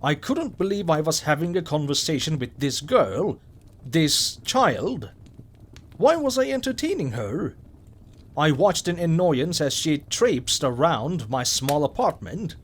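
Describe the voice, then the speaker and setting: A man narrating a scripted horror story in a measured, wry way. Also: a little high, very animated.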